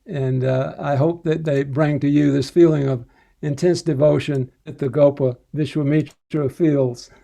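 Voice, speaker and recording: An older man, a spiritual teacher, gently recounting personal devotional stories with soft chuckles. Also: on the high side, fairly even intonation, measured pace, vocal fry.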